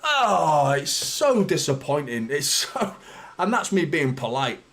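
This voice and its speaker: A man's voice: on the high side, sing-song, slow, a bit bright. A man hosting a live football watchalong, commentating and ranting at his team's players with frustrated, sweary exasperation. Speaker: fan channel host.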